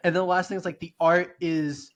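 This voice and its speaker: A man's voice: sits high, flat delivery, a little fast. A man co-hosting a podcast in casual chat, loose and hedging, with lots of fillers. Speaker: podcast co-host.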